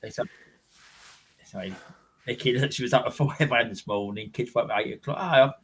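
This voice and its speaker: A man's voice: mid-range voice, fairly quick, fairly bright tone, a little hiss or hum. A man on a home livestream chat, laughing often as he tells everyday stories about his family. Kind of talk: casual chat.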